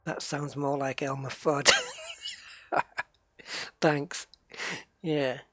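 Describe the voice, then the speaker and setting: A man's voice: mid-range voice, little pitch movement, drawn-out words, sharp tone. A man with an English accent, a game streamer chatting casually with viewers during a live stream and musing aloud as he plays. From United Kingdom.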